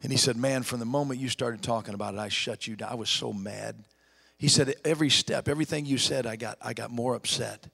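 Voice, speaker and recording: A middle-aged man preaching a storytelling sermon in a folksy, emphatic way, dropping to a hush for heavy moments. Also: medium pitch, fairly quick, gravelly, hardly any pauses, slightly rough, long reverb tail. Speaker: evangelist preacher.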